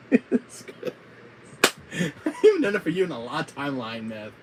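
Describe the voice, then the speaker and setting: A man casually chatting with his viewers on a gaming live stream, giggly and excitable. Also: a little high, unhurried, pauses often, a little hiss or hum, low-quality recording.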